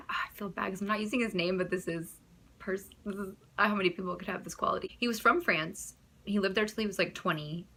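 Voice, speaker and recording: A woman's voice: mid-range voice, bright, forceful tone. A young American woman telling her own stories to the camera in a casual, chatty way, giggling, trailing off and restarting her sentences. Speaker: vlogger.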